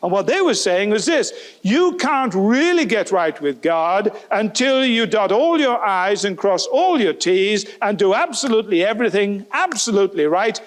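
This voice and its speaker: High-voiced man preaching a sermon. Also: normal speed, hardly any pauses. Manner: animated, voices quoted speakers; rhetorical questions to the audience.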